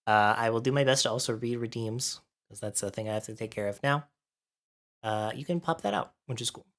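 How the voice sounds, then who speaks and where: While getting set up, a livestreamer talks to viewers in a relaxed way and thinks aloud, a bit winded from allergies. The voice is medium-pitched, fairly bright, and a little fast.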